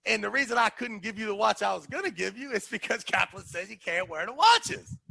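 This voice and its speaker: A man hosting a podcast tells a story in casual chat, animatedly acting out the voices of the people involved. His voice sits high, with vocal fry and a brisk pace.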